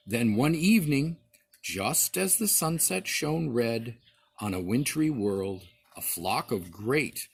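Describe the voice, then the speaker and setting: A man, a father, reading a storybook aloud to his child, expressive, with small slips and restarts. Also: medium pitch, husky.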